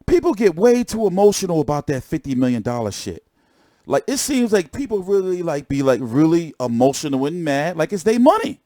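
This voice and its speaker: Animated, high-pitched man streaming. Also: fairly quick, no room sound, studio quality. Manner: excitable, profane, repeats phrases. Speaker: boxing commentator streamer. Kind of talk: casual live-stream chat.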